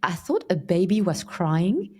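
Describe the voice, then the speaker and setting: A woman hosting a podcast, asking questions in a warm, conversational way. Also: on the low side, big pitch swings, measured pace, husky. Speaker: podcast host. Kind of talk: podcast interview.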